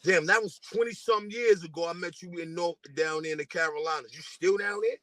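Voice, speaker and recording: A man's voice: high-pitched, quick pace, bright, forceful tone, no room sound. A man from New delivering a casual, profane diss rant at a rival, taunting and repeating himself.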